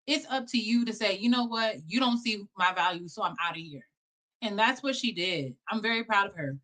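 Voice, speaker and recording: A woman hosting a reaction show, giving blunt, animated commentary with plenty of swearing. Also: medium pitch, a little fast. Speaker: host reacting to clips.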